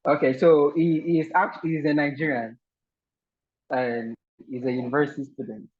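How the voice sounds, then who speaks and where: Male video-call host, polite and hesitant, slightly high voice, muffled audio. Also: steady tone, moderate pace, slightly rough. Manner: polite, repeats words, many fillers. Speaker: online session host. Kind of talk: casual video call game hosting.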